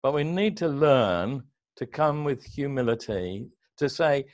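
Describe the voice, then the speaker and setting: A man's voice: medium pitch, animated, measured pace, darkish tone, no echo, lo-fi sound. A man leading an online service, retelling a Bible story in conversation and acting out the characters' words. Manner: storytelling, acts out characters' lines with raised voice.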